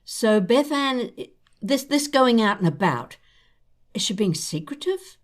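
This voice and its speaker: Older woman host, animated pitch, gentle and reassuring, casual chat. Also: a little slow. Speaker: podcast host. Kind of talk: casual chat between old friends.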